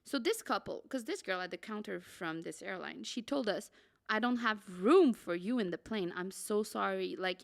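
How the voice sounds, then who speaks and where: A young woman, a podcast co-host, telling a travel story in a dramatic, excitable way and saying "like" a lot. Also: mid-range voice, normal speed, vocal fry. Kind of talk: casual storytelling.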